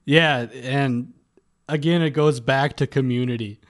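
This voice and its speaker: A man chatting casually as a podcast guest, relaxed and a bit hesitant. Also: medium pitch, a little slow. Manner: relaxed, hesitant, many fillers. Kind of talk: casual chat.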